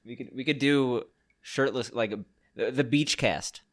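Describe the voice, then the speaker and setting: A man co-hosting a podcast, joking and quick to laugh in casual banter over a call. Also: medium pitch, a bit bright. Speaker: podcast co-host. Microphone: remote call.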